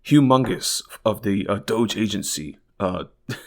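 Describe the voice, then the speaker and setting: A man voicing a pompous teenage male staffer who demands to be let through, halting and self-important. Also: on the low side, animated. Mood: haughty.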